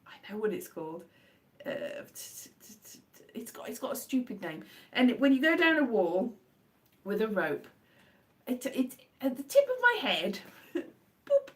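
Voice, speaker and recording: A woman chatting casually on a live stream, telling rambling stories with lots of restarts and self-corrections. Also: recorded from a distance. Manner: animated, jumps into high-pitched acted exclamations.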